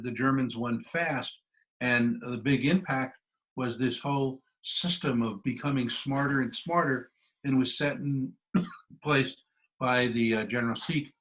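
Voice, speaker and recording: A man's voice: mid-range voice, a bit bright, poor audio. A man giving a history lecture with slides, talking in a loose conversational way with many fillers and restarts. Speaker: guest lecturer.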